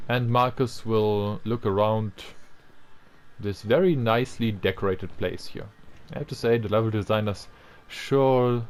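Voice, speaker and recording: A man's voice: on the low side, a little mellow. A young man giving casual commentary over a video game, rambling and thinking aloud, often trailing off and restarting. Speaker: let's-play commentator.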